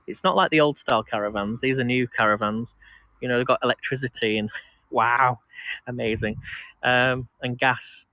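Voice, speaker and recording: A man's voice: mid-range voice, bright, forceful tone, no room sound. A man chatting casually to a live-stream audience as he walks outdoors in a park, rambling with restarts and laughs. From England. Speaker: vlog host. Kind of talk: casual live-stream chat while walking.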